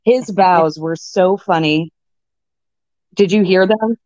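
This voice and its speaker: A woman's voice: on the low side, a little slow, a little mellow, dry recording. A young adult woman in casual chat as a guest, rambling with fillers and restarts. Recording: dull lo-fi sound.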